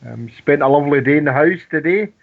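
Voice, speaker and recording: A man's voice: a little high, fast talker, gravelly. Guy hosting fan radio, restarts a lot, sounds like down a phone line. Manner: rambling, friendly, many restarts. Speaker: radio show host. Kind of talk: casual fan radio chat. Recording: phone-like narrow band.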